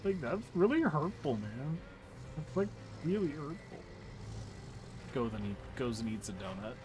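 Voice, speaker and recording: A man's voice: very high-pitched, normal speed, over music, voice pushed up, rough recording. A man voicing a whiny, aggrieved young male truck worker who complains in a sulky, filler-heavy way.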